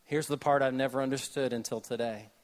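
A man preaching a sermon with a Southern US accent, joking with the congregation, then dropping to a hushed, slow delivery. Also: medium pitch. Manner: animated, jokey asides, shifts between loud and hushed delivery. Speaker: pastor.

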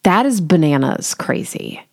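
Gravelly-voiced woman podcast host, chatty. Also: deep voice, very animated, a little slow, darkish tone. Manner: chatty and candid, wry, self-deprecating. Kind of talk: casual solo podcast talk.

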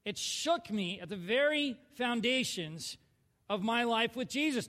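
A man in his thirties from southern California, telling his personal story in a sermon, swinging from hushed to loud. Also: very high voice, lively intonation, measured pace, long reverb tail. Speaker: church speaker sharing testimony.

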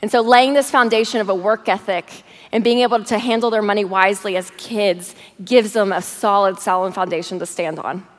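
A woman's voice: mid-range voice, steady tone, a little fast, few pauses. A young woman speaking as a guest speaker to a church congregation, earnest and encouraging. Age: young adult. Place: church auditorium. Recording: long reverb of a large hall.

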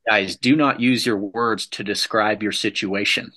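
Forceful, bright-voiced motivational speaker man. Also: on the low side, fairly even intonation, measured pace. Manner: emphatic, punchy repetitive phrasing. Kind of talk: motivational talk.

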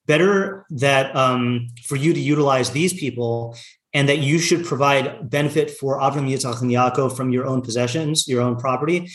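A man's voice: mid-range voice, moderate pace, a bit bright, roomy sound. A man teaching a casual Torah lesson, talking in a loose conversational way full of "like" and "you know", reading Hebrew passages aloud and translating them.

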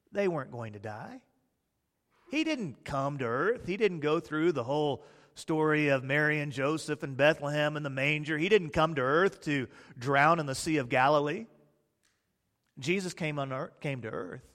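High-voiced preacher in a reverberant hall. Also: male voice, expressive, a little slow. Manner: dramatic swings from hushed to loud, acting out the disciples' panic. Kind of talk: sermon.

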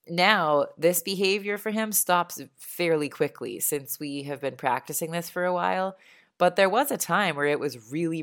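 A woman in her thirties, a parent, talking calmly and earnestly about how she raises her young son. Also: sits low. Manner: calm, earnest and reflective. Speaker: parent sharing advice. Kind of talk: casual spoken monologue.

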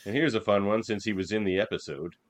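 A man's voice: on the low side, quick pace. A man co-hosting a casual podcast chat, reading out categories and laughing easily. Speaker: podcast co-host.

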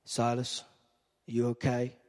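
A preacher doing a low, calm, upbeat apostle. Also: male voice, unhurried, in a large hall, lightly acted. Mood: calm encouraging. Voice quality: gentle, encouraging.

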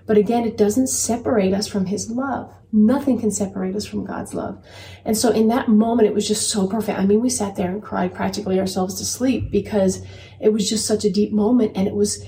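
Her voice is mid-range and dark-toned, brisk and steady. A woman in her thirties co-hosting a podcast, she earnestly discusses faith and parenting through a personal story, repeating phrases for emphasis; the audio is roomy with a distant mic and faint background noise.

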